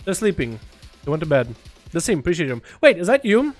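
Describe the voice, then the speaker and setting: A man from Russia chatting casually on a game livestream, excitable and swearing, swinging from quiet mumbles to loud bursts. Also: fairly high pitch, a little fast, soft background music. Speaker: game streamer. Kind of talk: casual gaming livestream chat.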